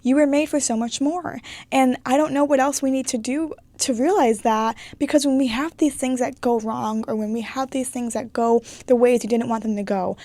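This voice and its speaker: A woman's voice: high-pitched, fairly even intonation, moderate pace, few pauses, mellow, no room sound. Emphatic young woman giving a pep talk. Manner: emphatic, swears freely, pep-talk delivery. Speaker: podcast host. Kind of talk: solo motivational podcast talk.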